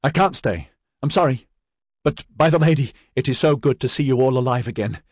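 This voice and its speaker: A man's voice: on the low side, moderate pace, slightly rough, no echo, clean studio sound. A man voicing a giddy young male adventurer who talks in a breathless, manic rush.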